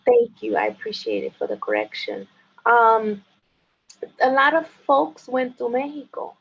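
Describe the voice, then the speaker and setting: A woman guest in a casual chat who talks in halting bursts with many restarts and likes to tease. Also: on the high side, wildly swooping pitch, creaky, breathy edge. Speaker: interview guest. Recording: dull lo-fi sound.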